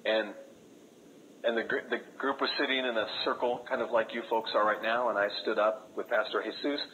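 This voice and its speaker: A man speaking as a missionary, telling a story to an audience in an earnest way, with lots of halting restarts. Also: on the low side, fairly even intonation, a bit bright, a little hiss or hum, low-quality recording. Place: room with a live audience.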